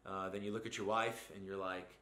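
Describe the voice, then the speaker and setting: A man's voice: low-pitched, level tone, brisk, bright, forceful tone, echoey room. A man hosting a profane motivational rant, blunt and mocking, swearing constantly as he lectures. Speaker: host.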